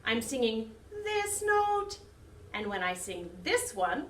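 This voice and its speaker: A woman who directs a children's choir, teaching young children a lesson slowly in a sing-song way. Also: mid-range voice, lively intonation, fairly bright tone, a little hiss or hum. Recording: echoey room, mic some distance off.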